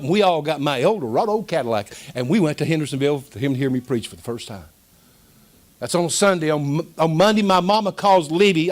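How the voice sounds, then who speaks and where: High-voiced pastor telling a story. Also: male voice. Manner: folksy, emotional, rising to a preaching shout. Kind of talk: storytelling sermon.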